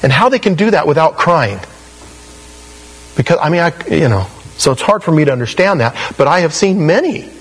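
A man preaching a sermon in a lively, storytelling way, acting out the voices of the people he quotes. His voice sits a little high for a man and swings widely in pitch. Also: fairly quick, breathy edge, rough recording. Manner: animated storytelling, acts out quoted voices, laughs at his own stories. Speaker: pastor.

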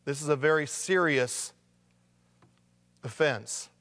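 A man preaching a sermon in a relaxed, conversational way, reading scripture passages aloud and stressing key lines. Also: fairly high pitch, slow, in a large hall. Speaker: pastor.

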